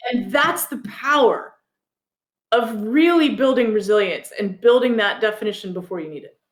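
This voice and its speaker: High-voiced woman telling a story. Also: moderate pace, echoey room. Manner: animated, laughs while telling a story. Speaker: guest author. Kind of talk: conversational storytelling.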